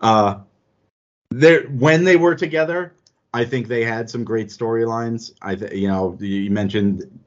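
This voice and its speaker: A man's voice: mid-range voice, unhurried. Chatty man on a lo-fi podcast. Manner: rambling, self-correcting, chuckles often. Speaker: podcast panelist. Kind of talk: casual chat. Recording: dull lo-fi audio.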